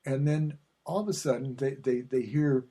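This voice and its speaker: A man's voice: medium pitch, fairly even intonation, moderate pace, dark tone. A man hosting his own podcast, chatting in a digressive, self-mocking way with many fillers and restarts. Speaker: podcast host. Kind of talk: rambling solo podcast chat.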